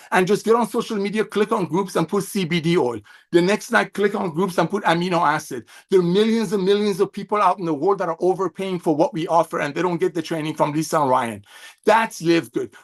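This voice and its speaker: Over a video call, a middle-aged company executive with a fairly high voice gives an effusive, emphatic sales pep talk. His delivery has a preacher-like swing.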